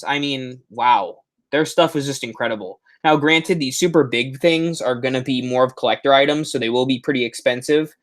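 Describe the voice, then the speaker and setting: A young man talks through expo footage on a live stream at a middling pitch. He is eager and a little scattered, restarting phrases and correcting himself as he goes. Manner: enthusiastic, rambling, frequent self-corrections. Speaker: horror haunt channel host.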